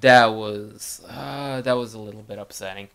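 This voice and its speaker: A man co-hosting a casual sports podcast, speaking in a measured, easygoing way. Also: on the low side, creaky, fairly bright tone, clear, resonant tone. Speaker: podcast co-host. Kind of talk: casual chat.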